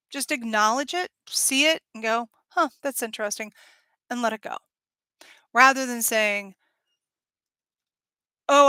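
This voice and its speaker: A woman's voice: a little high, bright, forceful tone, no room sound. A woman hosting her own channel, talking candidly and with feeling, often acting out the voices of people she quotes. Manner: thinks aloud with fillers and restarts. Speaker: channel host. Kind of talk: casual talk to camera.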